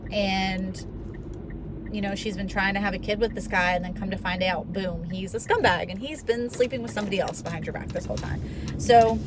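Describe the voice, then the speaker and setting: Young woman, casual vlog, rambling and earnest, medium pitch, recorded while driving, steady car noise behind. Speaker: vlogger. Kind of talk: casual talking-to-camera vlog. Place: in a car on the road. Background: road and car noise.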